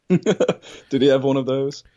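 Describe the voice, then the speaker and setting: A British man with a mellow, warm tone guests on a podcast. He is easygoing, laughs often and swears casually. His audio sounds dull and lo-fi. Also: mid-range voice, slow. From Britain. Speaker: guest host. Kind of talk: casual chat.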